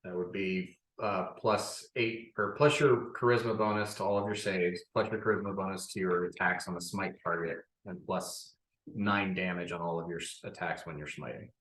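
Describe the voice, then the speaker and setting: A man's voice: low-pitched, steady tone, normal speed, fairly bright tone, reverberant, rough recording. A man running a tabletop game as game master, reading out rules with frequent fillers. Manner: explains rules at length with fillers.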